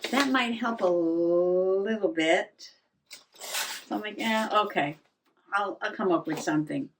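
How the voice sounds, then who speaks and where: A woman's voice: mid-range voice, slow pace, a little hiss or hum. Rambling, chuckling older woman. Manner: rambling, self-mocking, laughs often. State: out of breath. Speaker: journaling vlogger. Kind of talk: casual chat.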